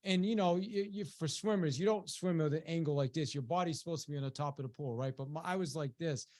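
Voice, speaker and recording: A man presenting a webinar, telling a personal story in a lively, conversational way with many restarts. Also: on the high side, fast. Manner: animated and conversational, with many restarts and "you know"; acts out quoted voices, rising sharply when quoting a shout. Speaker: webinar presenter and business coach. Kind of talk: motivational storytelling to an audience.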